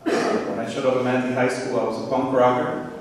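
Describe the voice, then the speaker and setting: A man's voice: mid-range voice, fast talker, slight background noise. A man in his thirties from Puerto Rico, telling stories as a guest speaker at a school assembly. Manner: animated storytelling. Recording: echoey hall from far off.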